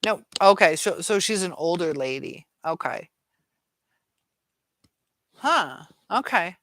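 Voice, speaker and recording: A woman's voice: fairly low pitch, lively intonation, slow pace, fairly bright tone, no room sound. A tired woman hosting a live chat, reading viewer comments aloud and hesitating often. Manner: hesitant, many fillers and restarts. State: tired and dizzy.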